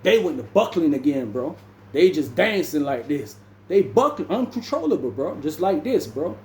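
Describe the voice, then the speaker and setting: A man's voice: a little high, sing-song, moderate pace, darkish tone, reverberant, a little hiss or hum. A young man, telling a story casually and saying "bro" constantly. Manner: laid-back, says "bro" constantly, acts out other people's lines. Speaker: vlogger.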